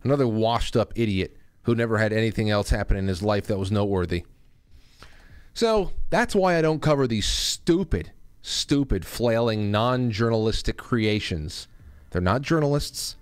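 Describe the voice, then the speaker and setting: A man's voice: lowish voice, lively intonation, moderate pace, clear, resonant tone, no echo. A male host giving angry, insulting, sarcastic political commentary, ranting about news clips.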